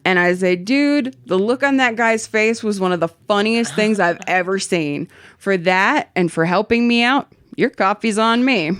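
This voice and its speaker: A woman's voice: medium pitch, normal speed, fairly bright tone, clean tone, no room sound. A woman hosting a casual podcast, animatedly reading a listener's story aloud with swearing and laughter. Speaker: podcast host.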